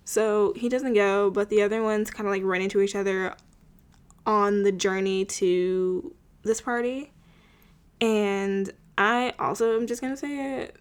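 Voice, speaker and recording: A woman's voice: medium pitch, fairly even intonation, unhurried, smooth. A young woman casually recapping a TV episode, chatty and full of filler words, with wry asides. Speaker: show recapper.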